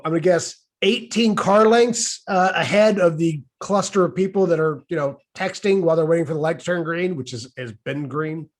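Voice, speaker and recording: A middle-aged man telling a personal story in a casual, wry, exasperated way. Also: fairly high pitch.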